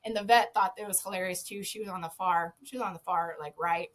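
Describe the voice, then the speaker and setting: A woman's voice: lowish voice, steady tone, quick pace. A woman guest on a podcast, a former zookeeper telling a casual anecdote, swearing freely and laughing often.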